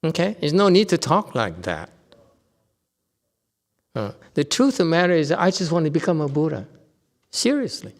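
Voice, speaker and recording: This Vietnamese Buddhist master's voice is fairly high and animated, at a moderate pace with frequent pauses. Lecturing on the dharma in a temple hall, he jokes, keeps things conversational, and regularly checks in with the people listening, while a long reverb fills the hall.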